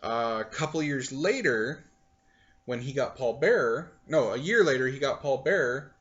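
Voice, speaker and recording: A man's voice: mid-range voice, expressive, moderate pace, a bit bright. Rambling male podcast host, muffled sound. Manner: rambling storyteller, recounting details with fillers. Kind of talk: casual chat. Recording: muffled lo-fi recording.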